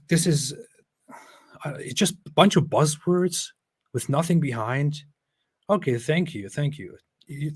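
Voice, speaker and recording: A man live-streaming a reaction to a video, sarcastic and mocking, jumping between loud outbursts and muttered asides. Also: medium pitch, no echo.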